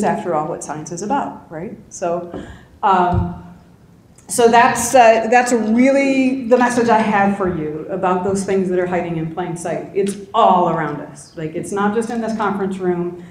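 A middle-aged woman talks to a conference room in a relaxed, conversational way, checking in with the audience as she goes. Her voice rings out in a very echoey room. A faint hum sits underneath. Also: medium pitch. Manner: conversational, with frequent tag questions. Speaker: conference speaker. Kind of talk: conference talk.

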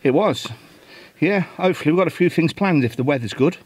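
A man co-hosting a travel vlog, bantering easily and tossing in quick agreeing replies. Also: fairly high pitch, lively intonation, darkish tone, breathy edge. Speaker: vlogger, channel co-host. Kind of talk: casual chat to camera.

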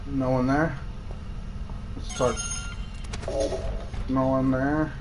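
Male streamer, casual running commentary, mid-pitched voice, noisy home mic. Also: flat delivery, extremely slow. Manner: chatty, talking to himself. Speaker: game streamer. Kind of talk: live game commentary.

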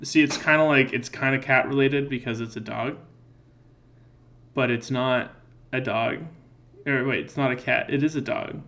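Bright-voiced goofy man gaming. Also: medium pitch, fairly even intonation, moderate pace, long pauses, lo-fi sound. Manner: playful, goofy, mock-cat meowing. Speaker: gaming video creator. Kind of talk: joking let's-play commentary.

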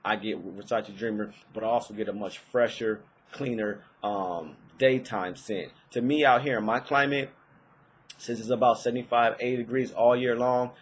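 A man's voice: mid-range voice, fairly even intonation, moderate pace, a little hiss or hum, poor audio. A young man giving a casual, rambling fragrance review, with many fillers and restarts.

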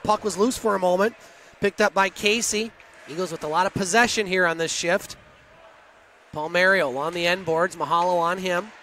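A man calling hockey play-by-play in rapid, clipped phrases, with chatty asides to his partner and listeners. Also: high-pitched, fairly even intonation, pushed and bright, slight background noise. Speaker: play-by-play announcer.

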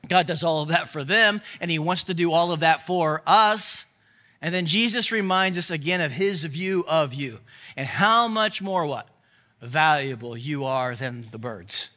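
A man's voice: fairly high pitch, expressive, unhurried, bright, forceful tone. A man preaching a sermon at a church service in a conversational way, often asking the listeners questions. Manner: conversational, asks the crowd questions. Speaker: pastor.

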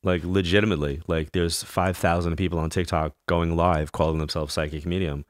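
A man with a very low, deep voice, chatting as a guest in a casual interview. He tells stories with energy and slips into the voices of the people he quotes. The recording is dry and close. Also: fairly quick, no room sound. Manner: animated storyteller who acts out quoted voices. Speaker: psychic medium guest.

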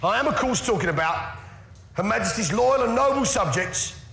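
A man's voice: high voice, expressive, moderate pace, gravelly. A man doing stand-up comedy in a big venue, brash and mocking, swearing often. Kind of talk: stand-up comedy in front of a crowd. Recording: roomy live show with loud crowd.

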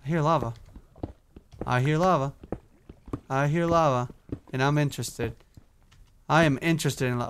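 A man's voice: a little high, normal speed, pauses often, a little hiss or hum. A young man giving casual, chatty commentary on his own gameplay, talking to himself, humming and swearing as he goes. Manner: chatty, self-talking, swears, hums while playing. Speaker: gaming YouTuber. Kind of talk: casual Minecraft let's play commentary.

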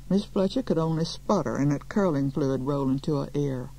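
Woman, short story reading, measured narration, gravelly voice. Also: deep voice, dark tone, low-quality recording. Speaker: reader.

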